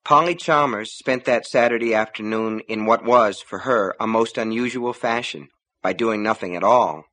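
Guy reading a novel out loud, steady storyteller pace. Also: lowish voice, normal speed. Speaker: audiobook narrator. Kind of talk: scripted narration.

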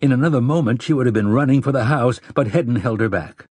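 A man reading an audiobook narration in a measured, even storytelling manner. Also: mid-range voice, breathy edge, dry recording.

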